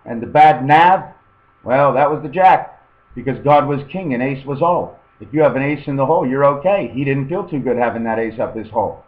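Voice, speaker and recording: A man's voice: medium pitch, fairly quick, reverberant, narrow, tinny audio. A man giving a meandering, free-associating webcam monologue, often tossing in "okay". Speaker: webcam vlogger. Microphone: webcam microphone.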